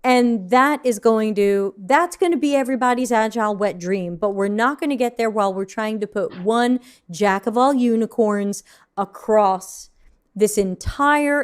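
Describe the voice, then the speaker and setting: A woman's voice: a little high, clean tone. Brief: woman co-host, from New York, outspoken and passionate, casual panel talk, swears freely. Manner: blunt, fiery, swears freely. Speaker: UX consultant, co-host.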